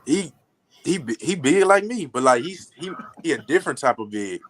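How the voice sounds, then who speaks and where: A teenage football recruit answering interview questions politely and briefly. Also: male voice, on the high side, sing-song, normal speed, fairly bright tone. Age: teens. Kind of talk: casual interview.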